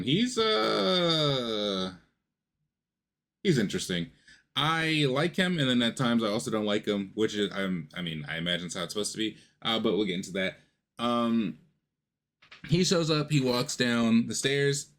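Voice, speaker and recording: A man's voice: mid-range voice, animated, moderate pace, a bit bright. A man casually reviewing a show, rambling with lots of fillers and the odd curse.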